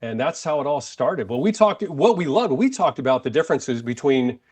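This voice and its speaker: A man's voice: medium pitch, big pitch swings, normal speed, a little mellow, breathy edge. An American man co-hosting a podcast, chatting in an upbeat, jokey way and laughing often. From United States. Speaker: podcast co-host and radio presenter. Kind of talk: casual chat.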